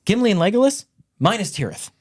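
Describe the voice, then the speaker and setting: A man with a slightly higher voice retells a story in casual podcast chat, swearing freely and jumping into the characters' voices. The sound is dry and close. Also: big pitch swings, quick pace, no room sound. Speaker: podcast host retelling a book.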